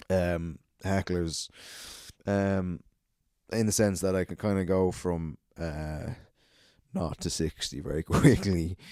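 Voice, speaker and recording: A man's voice: low voice, mellow, dry recording, clean studio sound. A young man, a comedian hosting his podcast alone, telling gig stories in a profane, casual monologue and laughing at his own anecdotes.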